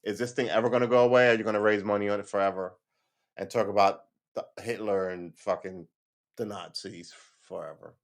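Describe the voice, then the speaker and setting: A man talking in a casual opinion monologue as host of a livestream, animated, often stumbling and restarting his words and acting out what other people say. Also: fairly low pitch. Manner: animated, acts out voices of others.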